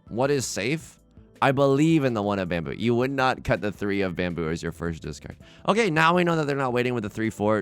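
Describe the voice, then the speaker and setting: A man's voice: lowish voice, clean tone. A young man casually commenting on his own game play, rambling and self-mocking with frequent restarts. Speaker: let's play host.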